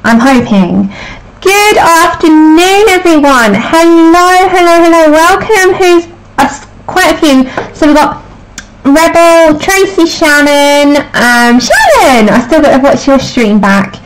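A woman's voice: high-pitched, expressive, takes it slowly, heavy background noise. A woman hosting a casual live stream, chatty and apologetic while she fixes her sound. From United Kingdom. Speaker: livestream host.

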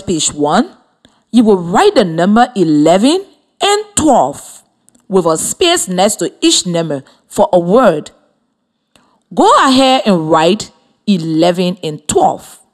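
A woman from Liberia teaching a primary lesson over the radio, with slow, clearly articulated, encouraging instruction to children. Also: medium pitch. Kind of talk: slow scripted classroom instruction. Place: radio studio with students present.

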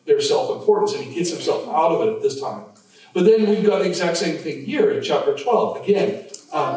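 Pastor preaching in a very echoey hall. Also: male voice, a little high, a little mellow. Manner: conversational, with frequent restarts and fillers. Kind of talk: expository sermon. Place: church sanctuary. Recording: very echoey church hall, mic at a distance, faint noise.

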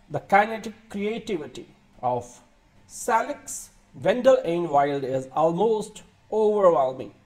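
A man reading a film review aloud from a script, now and then stumbling and restarting a word. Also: high-pitched. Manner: reads a written script with occasional stumbles and restarts.

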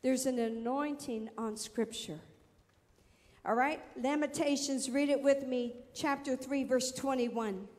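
A woman pastor delivers a sermon in a high, unhurried voice. She leans into each phrase and keeps calling on the congregation to answer back. The sound carries a long reverb from a church hall. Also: a little mellow. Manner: slow, emphatic preaching with call-and-response to the congregation. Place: church sanctuary.

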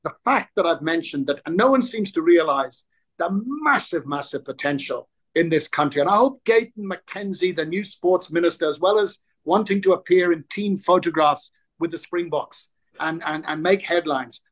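A man in his sixties, an interview guest telling stories in casual chat, lively and full of restarts. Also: on the high side, moderate pace. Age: 60s. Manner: animated storyteller, frequent restarts.

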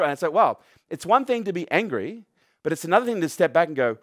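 A middle-aged motivational speaker addresses a live audience in a fairly high voice at a quick pace. He's emphatic, swears freely, and throws questions at the crowd. The sound is studio quality with no echo.

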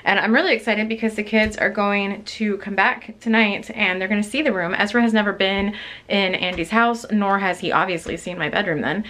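A woman's voice: medium pitch, fairly quick, a bit bright. Chatty young woman giving a room tour. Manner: chatty and candid, rambling with fillers. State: out of breath. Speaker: vlogger. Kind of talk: casual vlog room tour. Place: small bedroom indoors.

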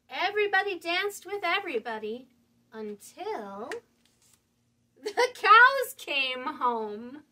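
Brief: children's librarian, woman, bright animated voice, unhurried read-aloud full of questions for the kids. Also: high-pitched. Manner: animated, sing-song, asks young listeners questions. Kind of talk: reading a picture book aloud to children.

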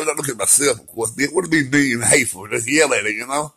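A man's voice: medium pitch, fast, creaky, hardly any pauses, bright, forceful tone, slightly rough, poor audio. A middle-aged man talking through his recovery in a rambling, heartfelt, slangy monologue. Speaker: vlogger sharing recovery story. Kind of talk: emotional personal monologue.

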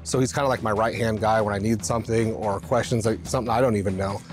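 A man's voice: on the low side, fairly even intonation, fast talker, faint music behind. A man who paints and details cars at a restoration shop, explaining his work steps in a plain, matter-of-fact way. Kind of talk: reality show interview and work commentary.

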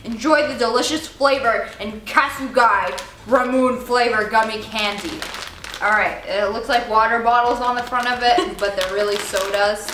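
A young woman hosting a casual candy taste-test vlog, chatty and giggly, loud when excited and mumbling while she chews. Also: on the high side, normal speed, reverberant, a little hiss or hum, rough recording. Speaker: vlog host.

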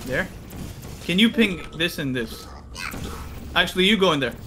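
A young man gaming on a stream, excitable and prone to panicked yelps. His voice is bright and sits somewhat high, jumping around with lively pitch. Faint noise sits underneath. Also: normal speed. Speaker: co-op guest player. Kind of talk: casual gaming chat.

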